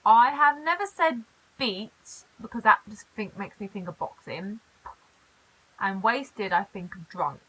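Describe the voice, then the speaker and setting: A young British woman casually reacting on camera to things she reads aloud, chatting with quick asides. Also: medium pitch, lively intonation, pushed and bright, breathy edge, rough recording. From Britain. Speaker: reaction vlogger.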